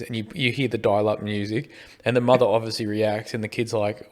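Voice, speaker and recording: A man's voice: fairly low pitch, flat delivery, brisk. A middle-aged man with an Australian accent, co-hosting a casual podcast and joking around. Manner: joking, chatty. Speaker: podcast co-host. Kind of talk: casual chat.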